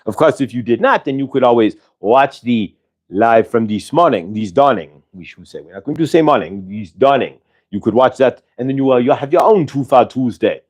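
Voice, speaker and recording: A man's voice: mid-range voice, animated, normal speed, darkish tone, natural voice. A man channeling a friendly pair of spirits who speak as one "we", giving a chatty spiritual talk in a raised voice. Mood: welcoming.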